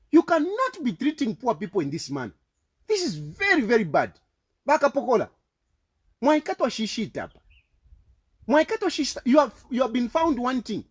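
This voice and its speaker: A man's voice: very high voice, breathy edge. A man with a Zambian accent delivering an impassioned, repetitive political rant, accusing and fervent. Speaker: political commentator.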